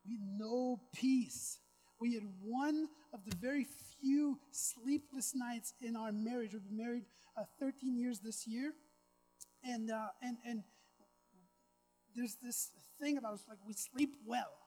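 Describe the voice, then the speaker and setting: A woman's voice: on the high side, measured pace, warm tone, soft background music, rough recording. A woman preaching a sermon, chatty with casual asides, then building to emphatic, repetitive preaching. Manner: conversational, with casual asides and self-deprecating humor.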